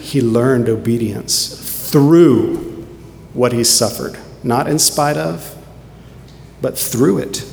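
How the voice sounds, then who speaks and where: Gravelly-voiced preacher man in an echoey hall. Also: mid-range voice, a little hiss or hum. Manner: earnest, shifts between quiet and emphatic. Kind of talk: sermon. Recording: echoey hall with faint ambience.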